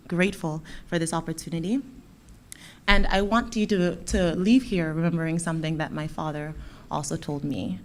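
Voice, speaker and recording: A young woman from Dominica giving a lively, playful speech to schoolchildren at a closing ceremony. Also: lowish voice, a little hiss or hum. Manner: lively, playful with the children, warm encouraging. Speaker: guest speaker from a bank.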